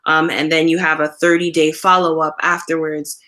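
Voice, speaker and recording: A woman's voice: deep voice, moderate pace. A woman hosting a live stream about hair care, talking casually and answering viewer questions, with lots of "um" and "you know". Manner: conversational, relaxed, many fillers like "um" and "you know". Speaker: natural hair care host.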